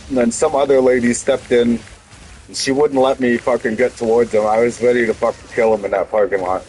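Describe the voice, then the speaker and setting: A man's voice: medium pitch, flat delivery, fairly quick, a little mellow, a little hiss or hum, rough recording. A young man, a streamer telling a heated story to his chat, swearing often and restarting his sentences.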